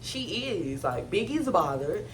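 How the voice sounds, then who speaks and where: A woman's voice: fairly low pitch, very animated, unhurried, a little hiss or hum. A woman casually recapping a reality show episode, talking bluntly with slang and plenty of profanity.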